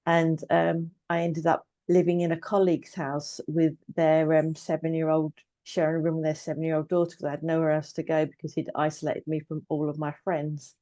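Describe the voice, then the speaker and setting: A woman's voice: deep voice, monotone, a little fast, warm tone, no room sound. A woman in her fifties, a trauma coach, telling her life story candidly in a conversation, with touches of dry humour. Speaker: guest, trauma coach and therapist. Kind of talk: personal story in casual conversation.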